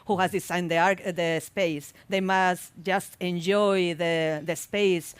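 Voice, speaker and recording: Smooth-voiced woman speaking on a panel. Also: lowish voice, steady tone, dry recording. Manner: thoughtful, halting, repeats words. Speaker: architect and researcher on a panel. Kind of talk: panel discussion. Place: public talk event.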